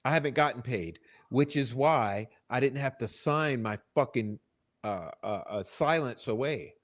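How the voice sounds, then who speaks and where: A middle-aged man talking into a desk microphone as host of his own live stream. He swears often and his voice swings between loud, angry rants and quiet, low asides. His pitch sits in the middle for a man. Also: lively intonation, a little slow. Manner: swears often, shifts from loud outbursts to muttering. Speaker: channel host.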